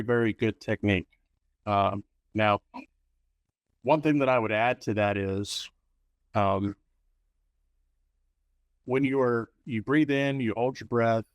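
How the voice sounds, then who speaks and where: Low-voiced rambling male host. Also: clean tone, dry recording. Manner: rambling, many fillers and restarts, anecdotal. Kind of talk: interview talk.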